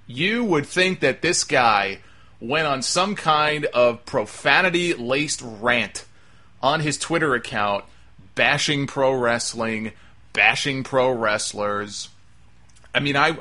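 A man's voice: mid-range voice, pushed and bright. A man hosting a talk show, delivering an emphatic, exasperated opinion monologue. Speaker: wrestling talk show host.

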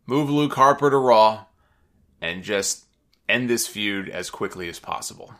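Bright-voiced man chatting casually. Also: on the low side, expressive, measured pace. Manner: chatty and opinionated, frequent "uh" fillers. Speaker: wrestling recap podcast host. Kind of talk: casual spoken recap.

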